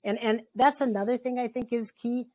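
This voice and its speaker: A woman's voice: fairly high pitch, steady tone, normal speed, darkish tone, dry recording. A middle-aged woman, a family therapist, talking in a casual interview, earnest and reflective, laughing easily. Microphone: video call.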